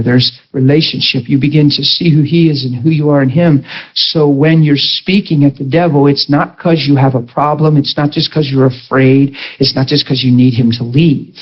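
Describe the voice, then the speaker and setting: A male preacher giving a sermon, animated and playful as he tells stories. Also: mid-range voice, dull audio. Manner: animated storytelling, bursts into laughter, playful.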